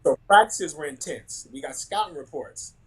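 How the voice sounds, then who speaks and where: A man, a former basketball player telling animated stories in a casual chat. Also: fairly high pitch, moderate pace, poor audio. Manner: animated storyteller, laughs often, acts out quotes.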